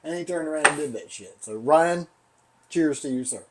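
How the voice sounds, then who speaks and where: A man's voice: fairly high pitch, lively intonation, moderate pace, noisy background. A man with a Southern accent, co-hosting a casual tasting chat and telling rambling stories with frequent laughter. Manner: rambling storyteller, laughs often. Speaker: podcast co-host.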